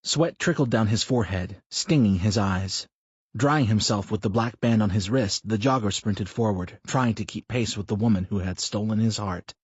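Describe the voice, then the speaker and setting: A man narrating an audiobook in a steady, measured reading, in a slightly muffled recording. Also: on the low side, husky, no echo. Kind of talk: scripted narration.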